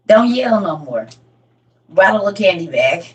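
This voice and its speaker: A middle-aged woman chatting casually as a parent, telling lively stories and acting out her kids. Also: mid-range voice, slow. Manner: animated storytelling, acts out her kids. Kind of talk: casual group chat. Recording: voice from a distance.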